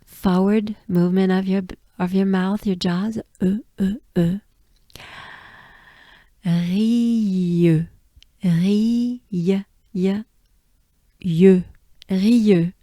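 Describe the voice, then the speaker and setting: A woman from France with a French accent, patiently teaching pronunciation and repeating each sound slowly. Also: mid-range voice, steady tone, warm tone, dry recording, clean studio sound. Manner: patient, drills words by repeating them. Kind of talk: slow pronunciation lesson.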